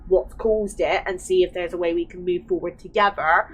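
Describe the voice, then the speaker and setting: A woman's voice: lowish voice, fairly even intonation, fairly quick, few pauses, low-quality recording. A young woman hosting a casual chat, rambling with many fillers and restarts. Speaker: channel host.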